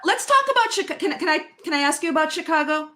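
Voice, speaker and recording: A woman hosting a casual radio interview, friendly and quick to laugh. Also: high voice, lively intonation, sharp tone. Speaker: radio show host.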